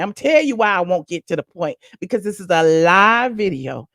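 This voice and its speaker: Woman, live-stream host, chatty and rambling, slight gravel, dry close sound. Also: mid-range voice, fairly quick, dry recording. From Atlanta, USA. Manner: chatty, animated, rambling asides. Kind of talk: casual live-stream chat.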